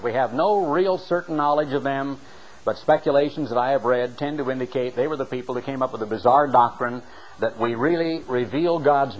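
A man's voice: medium pitch, a little mellow, poor audio. A middle-aged man preaching a sermon, reading scripture aloud and stressing key words with rising and falling emphasis.

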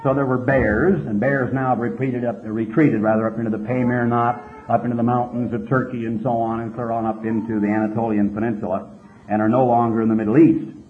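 A man's voice: medium pitch, little pitch movement, brisk. A man teaching a Bible passage verse by verse, retelling the story with emphatic rises on key words. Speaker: preacher. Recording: tinny phone-like old tape.

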